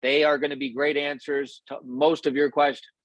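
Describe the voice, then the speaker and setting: A man's voice: little pitch movement, moderate pace, no room sound. Man giving a rambling, casual pep talk. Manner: loose and rambling, with many restarts and fillers; acts out quoted voices in a higher, louder pitch. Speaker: company leader giving a motivational talk.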